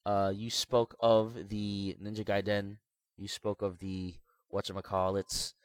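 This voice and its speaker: A man co-hosting a casual gaming podcast, his voice sitting a bit low and recorded dry and close. He rambles, restarts his sentences and leans on filler words, his pitch jumping around as he talks. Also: a little slow, dry recording. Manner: rambling, many restarts and "like", animated pitch swings. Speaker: podcast co-host. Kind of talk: casual chat about video games.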